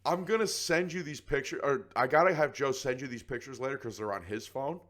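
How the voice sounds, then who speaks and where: A man's voice: mid-range voice, brisk, a bit bright. A man co-hosting a podcast, telling a story in casual chat and acting out other people's voices. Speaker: podcast co-host.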